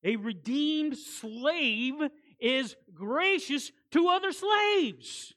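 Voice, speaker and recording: A woman delivers a sermon as guest preacher, with a high-pitched voice. She is animated and hammers points home through repetition. Folksy, conversational asides break up the preaching. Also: extremely slow.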